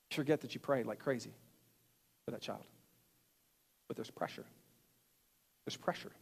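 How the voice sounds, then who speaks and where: A male pastor giving a sermon in an animated way, asking the congregation questions. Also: medium pitch, moderate pace, creaky, pauses often, breathy edge, in a large hall. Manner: animated, acts out quotes, asks the audience questions.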